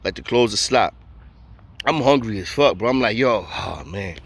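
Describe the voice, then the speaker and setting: A man's voice: mid-range voice, normal speed, no echo. A man telling a story in a casual way, full of street slang and acting out the voices of the people in it.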